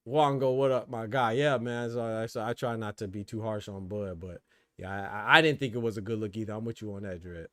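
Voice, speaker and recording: A man's voice: fairly low pitch, a little fast, no echo, clean studio sound. A man hosting a boxing livestream, chatting casually in slang, reading out and answering viewers by name. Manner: relaxed, slangy, reads chat aloud. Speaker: boxing commentary host.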